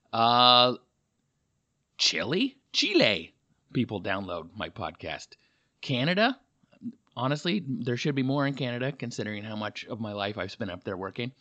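In a hotel room with a heater running, a man with a lowish, bright voice hosts his comedy podcast in a forceful tone. His monologue is rambling, jokey and full of fillers, he sounds slightly dehydrated, and the recording is muffled.

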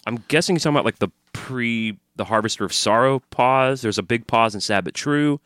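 A man's voice: mid-range voice, a little fast, a bit bright, dry recording, studio quality. A man co-hosting a podcast in casual chat, upbeat and crude-humored, plugging the show and reading emails. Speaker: podcast co-host. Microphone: studio microphone.

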